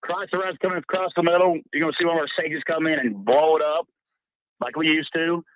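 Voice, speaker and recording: Fast-talking male caller, dull phone line. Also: on the high side, no room sound. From Missouri. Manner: chatty, confident, laughs easily. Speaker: caller, small-town coach. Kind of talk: call-in chat.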